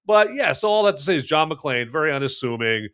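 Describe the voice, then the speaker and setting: A man's voice: fairly high pitch, sing-song, fairly quick, fairly bright tone, clear, resonant tone. A man hosting a live movie review podcast, rambling and joking while answering the live chat. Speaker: podcast host.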